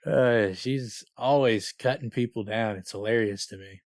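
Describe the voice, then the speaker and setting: A man with a low voice co-hosts a book podcast and slips into small voices when he reads passages aloud. The sound is dry and close, with no room around it. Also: measured pace, no room sound. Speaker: podcast co-host. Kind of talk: casual chat and book reading.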